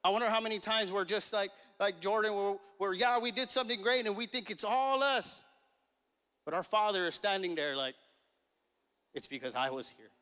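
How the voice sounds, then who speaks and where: A pastor in his thirties delivers a sermon with a high-sitting voice that moves a little fast, pushed and bright yet smooth. He chuckles casually through a family tale and acts out the dialogue. The sound carries the long reverb of a church hall in the sanctuary.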